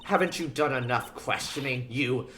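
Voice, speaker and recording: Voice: mid-range voice, moderate pace, sharp tone, a little hiss or hum, close to an everyday voice. A streamer voicing a rude, scornful young woman witness in a game, reading the lines aloud with taunting, sneering insults.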